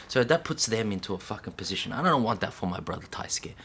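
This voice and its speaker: Speaking to camera, a breakdancer unleashes an impassioned, profane rant, veering between shouts and whispers and hammering lines through repetition. His fairly low male voice is animated, quick, and barely pauses, over a slight hiss or hum.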